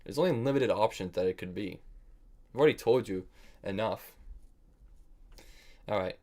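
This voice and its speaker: A low, dark-toned male voice at normal speed belongs to an American chess streamer giving casual live commentary. He works out moves aloud, gets on his own case for mistakes, and chats with his audience.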